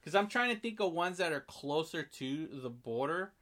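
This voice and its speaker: A man with a bright, forceful voice, sitting slightly high for a man, recaps a movie in loose casual chat. He acts out the characters' lines as he goes and swears freely. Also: moderate pace. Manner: animated storyteller, acts out lines with big jumps in pitch and loudness, swears.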